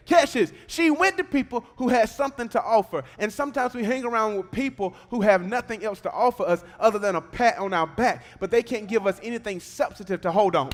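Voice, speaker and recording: A man with a Southern US accent preaching a sermon, swinging between hushed asides and shouted calls to the congregation. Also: high voice, expressive, brisk. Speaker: pastor. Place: church sanctuary. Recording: church hall reverb.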